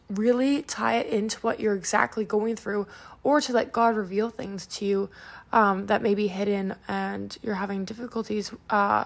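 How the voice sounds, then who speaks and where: A woman's voice: on the high side, vocal fry. Chatty young woman hosting a podcast. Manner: chatty, many "um"s and "like"s. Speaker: podcast host. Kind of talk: casual devotional podcast talk.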